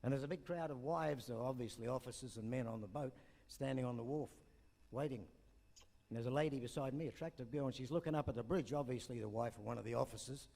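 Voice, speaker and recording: A man's voice: medium pitch, quick pace, mellow. An older man doing stand-up at an awards night, rambling through jokes and asides. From New Zealand. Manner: rambling joke-teller with asides. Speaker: comedian. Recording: long reverb in a hall.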